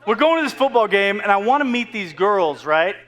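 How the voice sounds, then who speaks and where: A man's voice: sits high, big pitch swings, fairly quick, fairly bright tone. A man in his thirties preaching a casual, joking sermon full of asides to the congregation. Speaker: pastor. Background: faint crowd.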